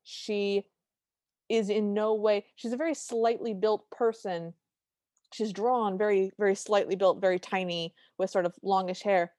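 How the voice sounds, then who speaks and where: A woman's voice: medium pitch, steady tone, measured pace, darkish tone, dry recording. A woman with a mid-range voice chats on a podcast, recapping a cartoon scene by scene with dry, wry asides. The sound is close and dry, with no room in it. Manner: chatty, wry, retells the plot with asides. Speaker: podcast co-host.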